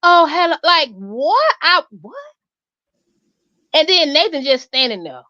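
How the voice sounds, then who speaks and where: A woman, hosting and telling a story in an animated, emphatic way. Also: high voice, slow, no room sound. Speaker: host. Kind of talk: casual storytelling chat. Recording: dull lo-fi sound.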